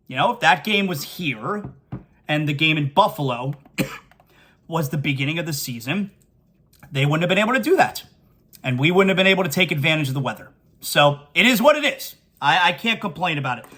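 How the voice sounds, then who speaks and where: A male sports talk host with a high, bright voice. He runs through results and then vents with emphatic, animated fan energy.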